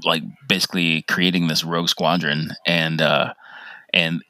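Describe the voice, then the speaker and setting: A man's voice: low-pitched, flat delivery, a little slow, pushed and bright, no room sound. A man co-hosting a casual podcast chat, talking hesitantly with many restarts. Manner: hesitant, lots of fillers and restarts. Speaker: podcast co-host.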